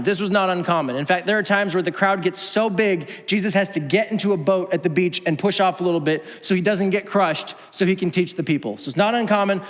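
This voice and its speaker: A man preaching a sermon as pastor, an animated storyteller who acts out voices and swings from loud to hushed. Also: sits high. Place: church auditorium. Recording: long church hall reverb.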